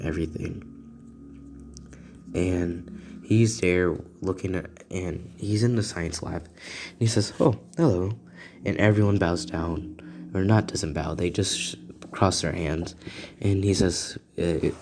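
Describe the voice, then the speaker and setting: Low gravelly young man telling a fan story. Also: a little mellow, slight background noise. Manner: rambling, halting, with restarts and asides to listeners. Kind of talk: improvised fan-fiction storytelling. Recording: beat music playing behind. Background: music beats.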